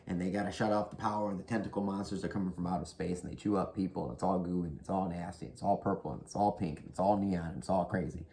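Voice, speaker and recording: Low gravelly man rambling about horror films. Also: darkish tone. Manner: rambling, profane, half-whispered close to the mic. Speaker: horror movie reviewer. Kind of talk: casual rambling recommendations. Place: indoors at home. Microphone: close to the mic.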